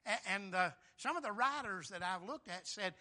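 High, bright-voiced preacher man. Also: lively intonation, normal speed. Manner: folksy, emphatic, swings between loud and soft. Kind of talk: sermon.

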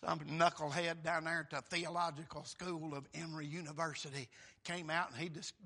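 An older preacher with a high, very bright, piercing voice. He delivers a sermon, dropping to low murmurs and then leaping into shouted, high-pitched exclamations.

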